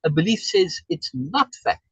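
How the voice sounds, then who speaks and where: A man's voice: a little high, very animated, normal speed, fairly bright tone, slightly rough, no room sound, muffled recording. A man coaching someone over a video call, emphatic and repeating key words for stress. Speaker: life coach.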